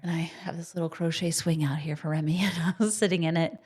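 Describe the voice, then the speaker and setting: A woman's voice: low voice, steady tone, fast talker, darkish tone, breathy edge. A woman co-hosting a podcast, chatting casually and reflectively, often trailing off mid-sentence. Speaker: podcast co-host. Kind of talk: casual chat.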